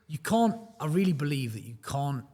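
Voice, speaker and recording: A man with a husky, slightly breathy voice speaks in a studio whose long reverb trails after his words. His talk is a blunt, motivational roundtable chat broken up by joking asides. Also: a little high, very animated, moderate pace, warm tone. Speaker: prop trading firm team member.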